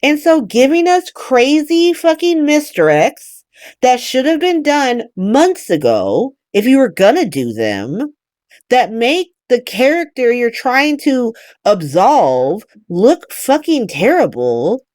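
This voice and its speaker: A woman's voice: a little high, very animated, slow pace, a little mellow, no room sound, studio quality. A woman casually recapping a soap opera as host, blunt and profane, acting out the characters' lines.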